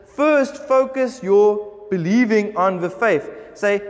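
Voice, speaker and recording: High-voiced man preaching in a reverberant hall. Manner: emphatic preaching, slows down when reading scripture. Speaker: pastor. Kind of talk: sermon. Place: church hall.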